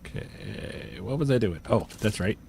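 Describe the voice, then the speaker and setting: A man's voice: on the low side, expressive, a little slow, vocal fry, darkish tone, slight background noise. A man giving casual gameplay commentary and chatting with viewers, joking and chuckling often. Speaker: game streamer. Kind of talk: casual gameplay commentary while reading chat.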